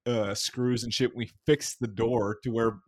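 A young man hosting a podcast, telling crude stories in casual, animated chat and swearing often. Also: medium pitch, unhurried. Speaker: podcast host.

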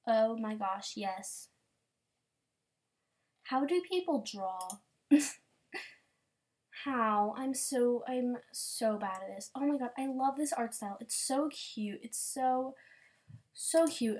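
A young woman giving a casual, gushing reaction commentary, gasping, repeating herself and dropping into soft whispers. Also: a little high, slow, pauses often. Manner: rambling with repeated words. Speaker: vlogger browsing fan art.

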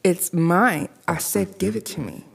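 A woman's voice: measured pace, vocal fry, mellow, slightly rough, exaggerated voice. Woman whispering as a creepy doll. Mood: menacing. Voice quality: low whisper, hissing. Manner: sing-song, eerily sweet then threatening. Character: creepy whispering female ventriloquist dummy, menacing.

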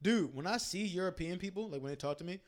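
A man's voice: sits high, fast. A man in casual chat, telling rowdy, profane stories and acting out other people's lines. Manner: loud, profane storytelling with put-on voices.

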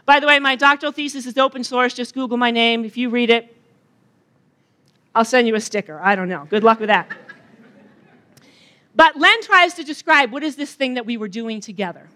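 A middle-aged woman talks to a gathered audience in a loose, joking way, trading banter with them as she goes. Her voice sits high and sounds bright and forward. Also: moderate pace, pauses often. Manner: chatty and joking, bantering with the crowd. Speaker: retreat speaker. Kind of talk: conversational opening talk to an audience.

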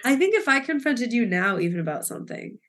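A woman's voice: on the high side, sing-song, fast, fairly bright tone. A woman in her twenties co-hosting a podcast, telling a story in casual chat with lots of fillers and acted-out dialogue, emotional and close to tears. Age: 20s. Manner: rambling, filler-heavy retelling with quoted dialogue. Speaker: podcast co-host.

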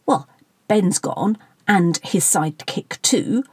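A woman doing a fretful, self-important middle-aged politician who moans and gossips about the party. His lines swing up and down in pitch, in a slightly husky voice. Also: expressive, takes it slowly, a little mellow, dry recording, heavily acted. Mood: gossipy. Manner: moaning, gossipy.

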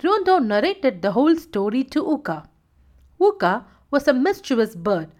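A woman telling a children's animal story in an expressive, storybook style, voicing each character herself. Her pitch sits somewhat high and moves a great deal. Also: moderate pace. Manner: expressive, voices every character. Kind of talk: storybook narration.

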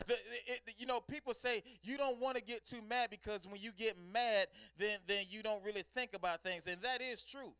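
A man's voice: very high voice, bright, forceful tone, clear, resonant tone, dry recording, studio quality. A man preaching a fervent sermon, repeating phrases and calling on the congregation to respond.

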